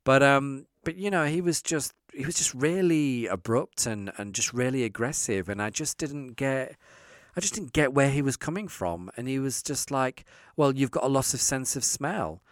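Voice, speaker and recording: A man's voice: medium pitch, animated, moderate pace, no echo, clean studio sound. A man telling a candid story in casual chat, acting out the dialogue of the people in it. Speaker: guest storyteller.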